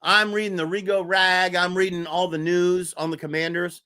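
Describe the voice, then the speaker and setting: A man hosting a casual live-streamed sports talk show, animated and scattered, laughing while he juggles links and texts. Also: high-pitched, moderate pace, clear, resonant tone. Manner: animated, laughing, talks to chat and co-hosts. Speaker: podcast host.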